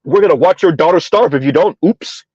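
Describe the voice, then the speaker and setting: A high-voiced man delivers sarcastic reaction commentary with heavy emphasis. He slows down to stress phrases and keeps checking in with a rhetorical "huh?". The recording is dry and a little muffled. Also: darkish tone, breathy edge, dry recording. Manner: emphatic, sarcastic, drawn-out repetition with frequent "huh?". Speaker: commentary channel host. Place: South Florida.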